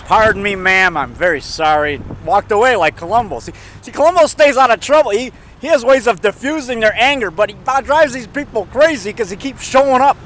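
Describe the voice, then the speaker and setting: Casual male vlogger, high-pitched voice, rambling and jokey, faint traffic behind him. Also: animated, brisk, few pauses, a bit bright, poor audio. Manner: rambling, jokey, chuckles at own jokes.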